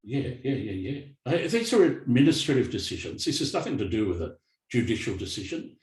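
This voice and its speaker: A middle-aged Australian man talks bluntly on a live panel, and his pitch swings widely as he tells his stories. His voice rings out in a roomy, echoey venue. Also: fairly quick. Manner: blunt, animated storyteller. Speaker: panel guest. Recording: echoey event room.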